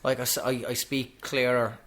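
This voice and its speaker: Animated Dublin-accented man telling stories. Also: medium pitch. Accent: Dublin Irish. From Ireland. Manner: animated storyteller, quick clipped delivery. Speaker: guest comedian. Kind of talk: casual podcast chat.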